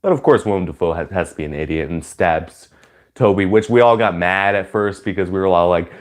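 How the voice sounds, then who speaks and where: A man giving a casual, rambling spoken movie review, full of "like" and "you know", who breaks into loud high-pitched cheers when excited. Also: a little fast.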